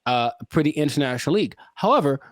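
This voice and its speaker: A man's voice: on the high side, lively intonation, very fast, no echo, studio quality. A man hosting a podcast, chatting casually and riffing playfully. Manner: playful, riffing, self-correcting. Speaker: podcast host.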